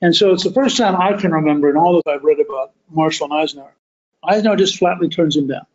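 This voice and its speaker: A man hosting a podcast, telling a history story as a deliberate, emphatic monologue that stretches key words. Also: fairly high pitch, a little mellow, highs cut off. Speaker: podcast host.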